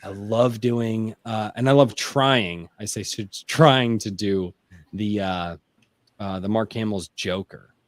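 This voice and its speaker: A baritone-voiced man, an author chatting casually at a round table, enthusiastic and rambling with many restarts, speaking into a home mic run through a mixer. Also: takes it slowly, dry recording. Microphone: home mic through a mixer, bass boosted.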